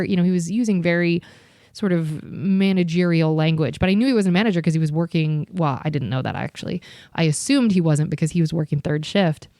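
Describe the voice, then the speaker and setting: A young woman hosts her podcast in a loose, chatty storytelling mode, candid and quick to swear. Her voice sits low and mellow. The sound is dry and close, with no room around it. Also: no echo. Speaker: podcast host. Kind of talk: casual storytelling.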